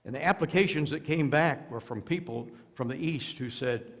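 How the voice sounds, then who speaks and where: A man's voice: medium pitch, expressive, normal speed, gravelly. A man preaching a sermon as a pastor, telling stories with quoted voices and touches of humor. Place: church sanctuary. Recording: long church reverb.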